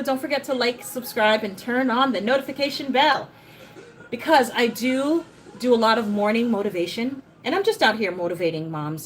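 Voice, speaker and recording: A Jamaican woman with an American accent chats casually on a live stream while cooking in her home kitchen, greeting viewers by name and encouraging them. Her voice is a little high. The rough recording carries slight background noise.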